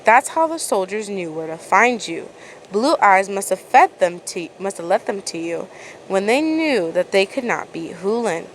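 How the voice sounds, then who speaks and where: A woman's voice: medium pitch, big pitch swings, normal speed, slight background noise, low-quality recording. A woman reading a second-person fan story aloud in a casual way, often stumbling over words and restarting. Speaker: fan fiction reader.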